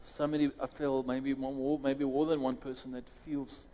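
A man's voice: medium pitch, flat delivery, moderate pace, warm tone, big-room sound, low-quality recording. A South African man preaching a sermon and leading prayer in a conversational way, restarting phrases and rising sharply when he quotes others.

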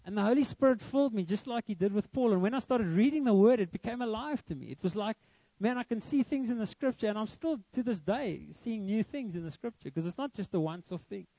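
A man's voice: high voice, animated, fairly quick, warm tone, no room sound, highs cut off. A young man preaching a sermon, earnest and emphatic, with a lot of repetition. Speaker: pastor.

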